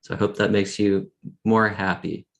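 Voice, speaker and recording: A man with a very deep voice speaks in an online group. He talks casually and appreciatively, with some hesitant restarts. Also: little pitch movement, moderate pace, vocal fry, fairly bright tone. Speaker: discussion group participant.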